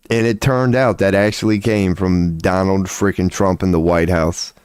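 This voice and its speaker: A man's voice: normal speed, few pauses, clean tone, no room sound. A man ranting casually on a livestream, where he also offers tarot readings, profane and rambling, swinging his voice up and down as he gets worked up. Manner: excitable, profane, rambling with big swings in pitch.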